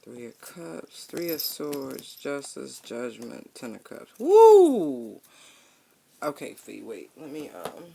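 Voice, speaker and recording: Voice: mid-range voice, vocal fry, a little hiss or hum. A tarot reader giving a casual, slangy reading, humming and musing aloud as cards come up. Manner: relaxed, slangy and profane, with drawn-out hums while pulling cards.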